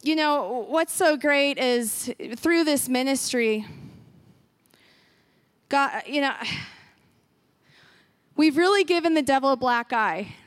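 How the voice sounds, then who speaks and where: A woman with a high voice tells a church testimony. She speaks earnestly and with deep feeling, often acting out her own past thoughts as she goes. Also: slow, long pauses. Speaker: guest speaker sharing a ministry testimony.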